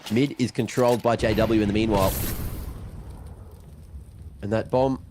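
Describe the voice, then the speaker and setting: A young man casting a game play by play, excitable, with banter between calls. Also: fairly low pitch, normal speed, noisy background. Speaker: esports caster. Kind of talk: play-by-play commentary.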